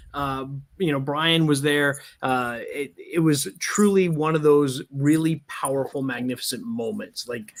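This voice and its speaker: A man with a slightly higher-than-usual voice co-hosts a relaxed interview. He wanders through his thoughts, leaning on fillers and restarts as he recalls things. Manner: meandering, many fillers. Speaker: co-host. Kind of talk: casual interview chat.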